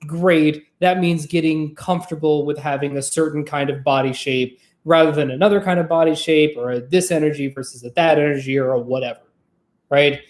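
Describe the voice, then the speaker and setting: A trained former opera singer hosts a vlog, chatting casually to camera in a rambling, profane, lively way. The voice is medium-pitched at a moderate pace, in an echoey room.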